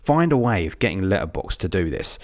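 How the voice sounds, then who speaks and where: A man's voice: low-pitched, sing-song, fairly quick. A man in his thirties co-hosting a casual film podcast, rambling and swearing freely. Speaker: podcast co-host.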